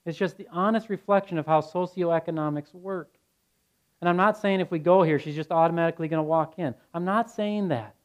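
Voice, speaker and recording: A man's voice: fairly high pitch, fairly quick. Blunt earnest male pastor preaching. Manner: earnest, blunt and conversational storytelling. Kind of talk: sermon. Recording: dull lo-fi sound.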